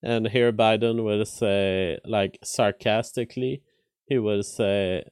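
A man's voice: on the low side, unhurried, a little mellow, no echo, studio quality. A man hosting a live stream of casual news commentary. He thinks aloud with restarts and filler words, and reads headlines before commenting on them.

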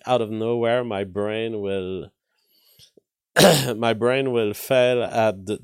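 French guy streaming news commentary, lowish voice, dry close sound, lots of uhs and restarts. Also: clean tone, no room sound. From French-speaking. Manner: thinking aloud with many fillers and restarts. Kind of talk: live news commentary reading chat.

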